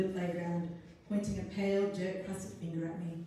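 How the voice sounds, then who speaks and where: A woman's voice: fairly low pitch, moderate pace. A woman, a writer, reading her own story aloud expressively at a live arts event. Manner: expressive, first-person storytelling. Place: arts centre event room. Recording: echoey room, distant mic, faint noise.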